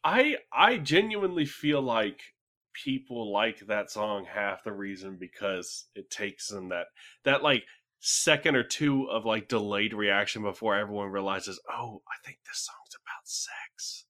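A man's voice: fairly low pitch, expressive, measured pace, sharp tone. Dry-joking man on a podcast. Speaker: podcast co-host. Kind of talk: casual chat.

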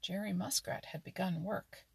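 A woman reading a children's animal story aloud in a calm, steady way. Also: on the low side, normal speed, creaky, husky, no echo. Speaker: narrator.

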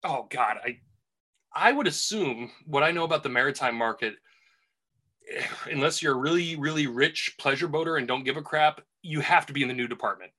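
Bright-voiced rambling male storyteller. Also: fairly high pitch, brisk. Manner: rambling, animated storyteller with many restarts. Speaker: podcast host and golf caddy. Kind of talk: casual storytelling chat.

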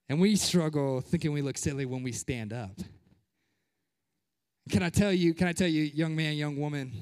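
High-voiced young pastor preaching in a hall. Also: male voice. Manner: lively, joking preaching with playful voices. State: out of breath. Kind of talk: sermon. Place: church sanctuary.

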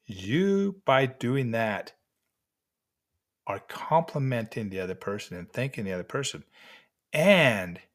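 An older man giving gentle, encouraging life lessons to mentees at an unhurried pace with pauses. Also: fairly low pitch. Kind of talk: motivational talk to mentees.

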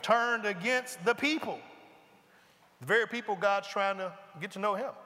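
A high, bright-voiced man preaches to a congregation, moving between reading scripture and lively, casual asides. His voice rings out with a long reverb, as in a large hall or sanctuary. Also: moderate pace. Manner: animated, conversational, breaks into asides and mimics characters. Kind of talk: sermon, reading and explaining scripture.

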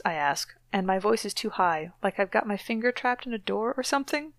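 A woman's voice: medium pitch, animated, brisk, hardly any pauses, dry recording. A woman co-hosting a podcast, reading a novel aloud dramatically and breaking off for wry, mocking asides. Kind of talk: dramatic reading with sardonic commentary.

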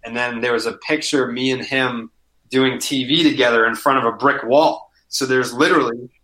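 A man chatting casually as a podcast guest, telling animated stories, swearing freely and saying "like" constantly. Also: mid-range voice, brisk. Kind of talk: casual chat, storytelling.

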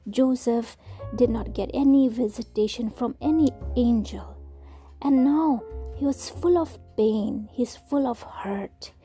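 A woman whispering a story aloud in a soft, slow, hushed reading. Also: on the high side, faint music behind.

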